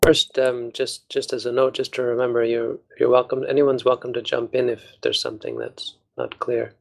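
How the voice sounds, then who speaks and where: A man, a Buddhist monk, patiently explaining a text to a study group in a measured way with small restarts. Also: medium pitch, lively intonation, creaky, low-quality recording.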